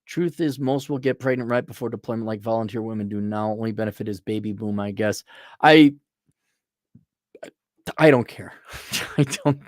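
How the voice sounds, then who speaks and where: A man hosting a casual livestream, reading viewer donations aloud and answering them in a blunt, sardonic way, often mocking people in a put-on high voice. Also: normal speed, pauses often, no echo, clean studio sound.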